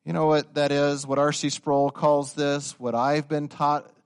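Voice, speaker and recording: A young man preaching a sermon, telling stories and building to loud, emphatic insistence. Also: fairly high pitch, completely flat delivery, measured pace, clear, resonant tone. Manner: storytelling, swelling to emphatic raised-voice insistence.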